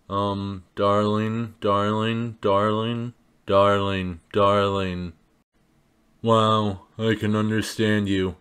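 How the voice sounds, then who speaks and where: A man dubbing a comedic cartoon parody, delivering absurd lines in a deadpan, unhurried way. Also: low-pitched, smooth. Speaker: parody dub voice actor.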